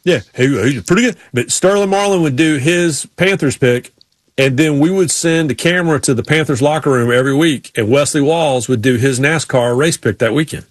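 Male podcast host, casual storyteller, fairly high voice, dry close sound. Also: normal speed, no echo. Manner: storytelling, imitates drawling racers. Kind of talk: casual sports chat.

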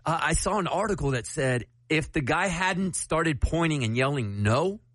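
A man co-hosting a morning radio show, telling stories in a relaxed, chatty way. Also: a little high, moderate pace, no echo, studio quality. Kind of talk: casual radio banter.

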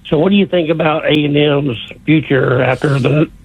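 A man's voice: a little high, moderate pace, breathy edge. A man calling in to a sports radio show in a casual, friendly way. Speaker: caller. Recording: tinny phone line.

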